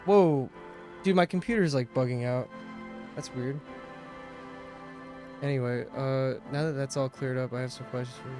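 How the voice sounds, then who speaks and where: A man's voice: mid-range voice, moderate pace, long pauses. A man streaming a game, chatting casually, swearing a lot and ranting animatedly with laughs. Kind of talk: casual live-stream commentary. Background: game music.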